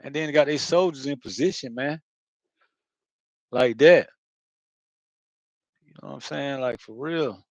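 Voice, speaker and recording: A man's voice: mid-range voice, a little slow, pauses often, no echo, low-quality recording. A man talking in a loose, rambling monologue, swearing often and circling back with lots of filler phrases. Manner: repeats himself, circles back. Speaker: spiritual video host.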